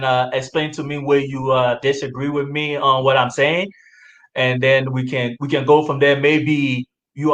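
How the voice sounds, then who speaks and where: A man running for president answering interview questions in a halting way, with many pauses and fillers. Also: on the high side, fairly bright tone, poor audio. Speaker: presidential candidate.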